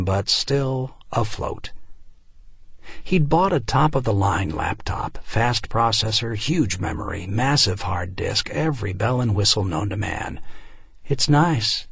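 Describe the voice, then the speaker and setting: A man narrating an audiobook in a measured reading. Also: lowish voice, creaky, slightly rough, dry recording. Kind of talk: scripted narration.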